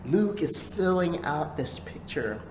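A pastor delivers a sermon in slow, emphatic phrases and repeats key lines for weight. The voice rings in a roomy space, and faint noise sits under it. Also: mid-range voice, animated.

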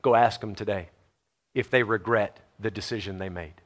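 A man preaching a sermon in a Texan American accent, moving from quiet, low passages to loud, animated ones. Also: moderate pace. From Texas. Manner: animated, swings from quiet to loud and laughs often.

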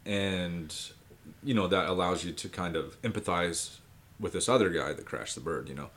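A man who is a guest poet on a podcast, speaking in a halting, casual way and swearing freely. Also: low-pitched, a bit bright. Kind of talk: casual conversation.

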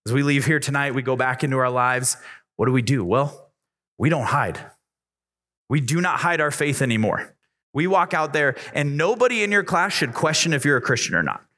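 Emphatic male youth pastor preaching. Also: normal speed. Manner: emphatic, repetitive preaching that climbs in pitch when excited. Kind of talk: youth sermon. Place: church youth room.

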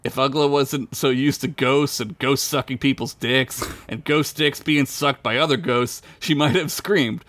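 A man's voice: mid-range voice, fairly even intonation, a little slow, hardly any pauses, a bit bright, no room sound. A man hosting and reading an irreverent comic story, often laughing and correcting himself mid-sentence. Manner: laughing, rambling, self-correcting. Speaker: host and storyteller.

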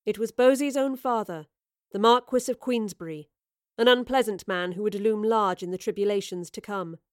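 A woman reading a scripted story aloud in a measured, expressive storytelling manner. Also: medium pitch, no room sound, clean studio sound. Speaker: narrator. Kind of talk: scripted narration.

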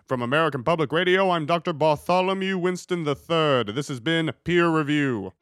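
A man's voice: on the high side, a bit bright, clean tone, no room sound, clean studio sound, faint music behind, lightly acted. A man doing a pompous fake-British radio pundit. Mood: smug. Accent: put-on British. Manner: pompous, smug, brisk ad-read delivery. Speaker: talk show host. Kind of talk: comedic public radio parody.

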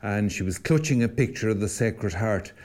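A man's voice: fairly low pitch, moderate pace, darkish tone. An Irish man, a priest co-hosting a podcast, telling stories in a reflective, conversational way with frequent restarts. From Ireland. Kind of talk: casual conversational podcast talk.

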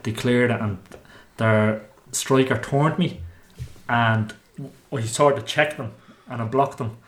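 Irish ex-footballer, chatty, roomy sound. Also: male voice, medium pitch, slow. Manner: animated anecdotes, laughs often, swears. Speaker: former footballer, podcast guest. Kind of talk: casual chat, storytelling. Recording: roomy echo.

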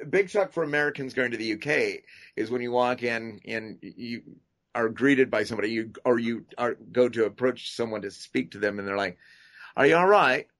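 A man guest on a podcast chatting casually, rambling and halting, often breaking into laughter. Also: medium pitch, fairly bright tone. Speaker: podcast guest, makeup artist. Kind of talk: casual chat. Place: at home, tying a wig while talking.

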